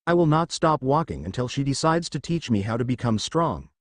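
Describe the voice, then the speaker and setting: A man's voice: mid-range voice, expressive, a little fast, no echo, studio quality, lightly acted. A man voicing a stubborn, earnest young male hero. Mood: determined.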